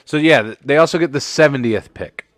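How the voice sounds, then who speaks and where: A man's voice: medium pitch, brisk, no room sound, clean studio sound. A man hosting a casual live sports commentary stream, joking and swearing as he rambles, a bit tipsy from drinks. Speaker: livestream host.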